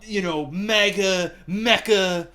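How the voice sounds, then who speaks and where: Man, caster, casual chat, rambling, animated, slightly high voice. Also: takes it slowly. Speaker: game caster.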